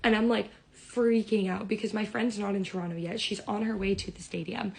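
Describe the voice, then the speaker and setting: A young woman telling a storytime in an excited, rambling way. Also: medium pitch, brisk, gravelly, rough recording. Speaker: vlogger.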